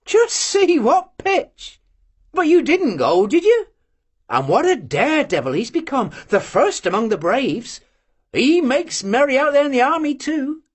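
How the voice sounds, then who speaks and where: An audiobook reader voicing a lively, teasing young Cossack girl who gushes and presses her friend with eager questions. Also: high-pitched, a little slow, voice pushed up. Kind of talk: audiobook character voice.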